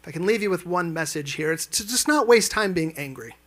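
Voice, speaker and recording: A man's voice: high-pitched, expressive, a little fast, a bit bright. A man performing a stand-up comedy set, telling stories animatedly and acting out quotes with sudden jumps in his voice. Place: live event lounge.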